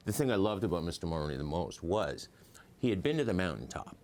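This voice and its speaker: Speaking fast and very animated, a man with a low, darkish voice chats as a guest in a news interview. He's a historian sharing anecdotes, loose and full of fillers, often chuckling as he goes.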